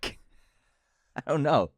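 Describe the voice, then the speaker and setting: A man co-hosting a podcast in easygoing casual chat, quick to exclaim when surprised. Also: no room sound, studio quality. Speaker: podcast co-host.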